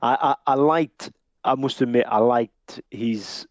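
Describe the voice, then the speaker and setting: Speaking slowly at a medium pitch, a man with a northern English accent co-hosts a podcast in a casual, hesitant way, frequently laughing and starting over. The recording is dry.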